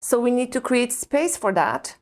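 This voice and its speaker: Earnest woman, high voice. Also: measured pace, gravelly. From Eastern Europe. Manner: earnest, emphatic, full of rhetorical questions. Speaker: guest, conscious parenting coach. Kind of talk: reflective podcast interview talk.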